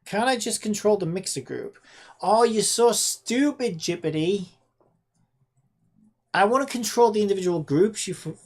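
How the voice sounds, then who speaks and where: With a fairly low, darkish, slightly rough voice and vocal fry, a woman codes a game on a casual livestream. She scolds an AI chatbot in exasperation, swearing sarcastically.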